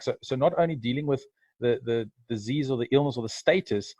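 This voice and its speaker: A man's voice: mid-range voice, darkish tone, dry recording. A man co-hosting a video call interview who speaks thoughtfully, stopping and restarting often. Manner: thoughtful, halting, many restarts. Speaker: co-host. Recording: dull muffled call audio.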